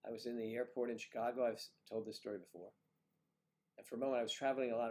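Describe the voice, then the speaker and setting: A man's voice: medium pitch, fairly even intonation, racing. Chatty man hosting a livestream. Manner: chatty and joking, drops into quiet, half-whispered asides. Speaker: livestream host. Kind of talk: casual chat reading viewer comments.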